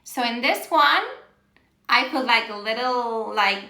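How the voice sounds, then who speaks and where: A woman's voice: fairly high pitch, takes it slowly, pushed and bright, roomy sound. A woman teaching Spanish on a live stream, reading out viewers' answers, praising them often and laughing, switching between English and Spanish. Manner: encouraging, reads out viewer answers with frequent praise. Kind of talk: live-streamed language lesson. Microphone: phone on a live stream.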